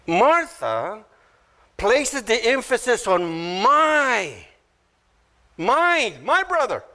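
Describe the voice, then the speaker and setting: Going through scripture verse by verse at an easy pace, this preacher brings quotations to life by performing them, his pitch leaping suddenly upward. The sermon is lively and animated.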